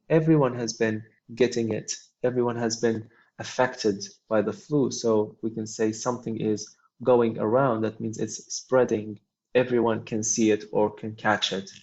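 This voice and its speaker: A man teaching English, reading lines from a textbook dialogue and explaining each one slowly, with frequent ums. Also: on the low side, creaky, a little mellow, husky. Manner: reads example lines then explains them slowly, with many ums. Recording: dull lo-fi recording.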